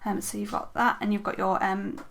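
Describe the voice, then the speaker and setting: A young woman talks casually at her desk at home, her voice sitting at a middle pitch. She chats along as a vlogger, filling pauses with ums and correcting herself as she goes. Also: little pitch movement, vocal fry, fairly bright tone. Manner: chatty, frequent ums, self-correcting. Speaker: planner vlogger. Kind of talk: casual show-and-tell chat.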